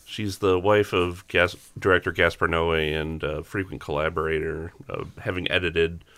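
A man on a film podcast, describing films in a measured way with frequent ums. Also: deep voice, steady tone, sharp tone, clear, resonant tone. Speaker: podcast co-host. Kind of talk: casual chat.

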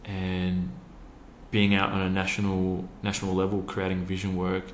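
A man's voice: low-pitched, completely flat delivery, moderate pace, roomy sound, slight background noise. A man with an Australian accent speaking in an interview, earnestly telling a personal story with many ums. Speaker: interview guest, youth program founder.

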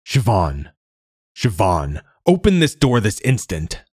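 A raging, bellowing father from an audiobook tale, voiced by a man reading aloud. The voice is low and raspy, recorded dry and close. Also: very animated, moderate pace, no echo. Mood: furious. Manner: shouting and raging. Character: angry middle-aged father, bellowing.

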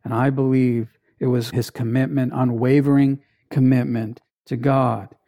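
A preacher delivering a sermon in an emphatic way, with dramatic pauses and repeated phrases. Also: mid-range voice, little pitch movement, dark tone.

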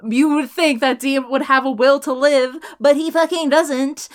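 A woman's voice: high voice, fairly even intonation, normal speed. A woman co-hosting a casual podcast, talking animatedly about a TV show, swearing often and laughing a lot.

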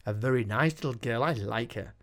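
A man's voice: mid-range voice, a little fast, lightly acted. A man voicing a scornful old granny witch who mocks and taunts. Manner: scornful, mocking.

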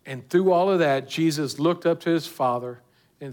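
A man's voice: a little high, normal speed, a little mellow. A man preaching a sermon earnestly, putting direct questions to his listeners. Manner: earnest, rising and falling with emphasis, asking the listeners direct questions.

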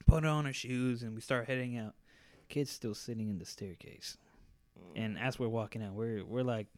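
Give me a lively young man telling a story to friends, cursing freely and doing everyone's voices. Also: mid-range voice, normal speed. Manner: animated, profane, acts out quoted voices. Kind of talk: casual storytelling.

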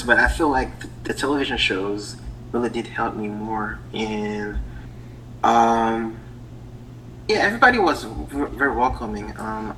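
A young man from Haiti speaks with a Haitian accent in a relaxed interview. His voice is bright, and he often pauses to think and restarts his sentences. A faint hiss sits under the recording. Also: medium pitch, low-quality recording. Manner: hesitant, many ums and restarts. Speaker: guest. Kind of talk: casual interview.

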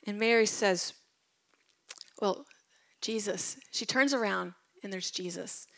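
A woman's voice: medium pitch, drawn-out words, pauses often, a bit bright. A woman retelling Bible stories in a casual devotional talk. She tells them with animation and drops to a whisper at tender moments. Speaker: Bible teacher.

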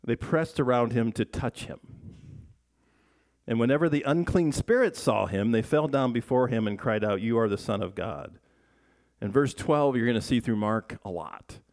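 Male pastor, mid-pitched voice, chatty teaching sermon, peppers it with questions to the congregation. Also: expressive, moderate pace, a little mellow. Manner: chatty, asks the congregation questions, frequent restarts. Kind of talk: conversational sermon.

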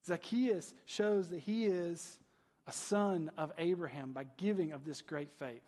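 A man's voice: fairly high pitch, measured pace, a little mellow, long reverb tail. A male pastor preaching a conversational sermon, asking rhetorical questions and often adding "right?".

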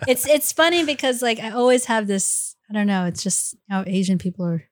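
A woman's voice: medium pitch, fairly even intonation, a little fast, no room sound, clean studio sound. A woman from the United States, an action film actress, chatting casually as a podcast guest, laughing often and filling her talk with "like" and "you know".

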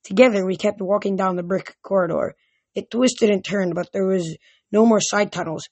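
An amateur audiobook narrator reading a first-person adventure aloud, stumbling and going back over words now and then. The voice sits at an average pitch, recorded close and dry with no room sound. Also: fairly even intonation, a little mellow, no echo. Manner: halting, with frequent restarts. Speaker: audiobook reader.

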